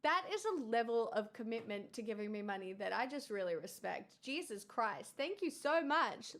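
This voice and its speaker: A woman's voice: a little high, lively intonation, normal speed, vocal fry, hardly any pauses, a bit bright. A woman hosting a casual livestream, chatting with viewers, thanking them in an exclamatory, wry way. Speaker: livestream host.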